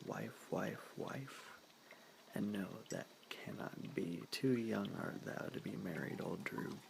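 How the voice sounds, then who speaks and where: In a whispered role-play reading, a man plays a brash eighteen-year-old ex-thug. He uses quaint, theatrical phrasing. The whisper runs low and rough with heavy fry. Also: expressive, slow pace, background noise, exaggerated voice.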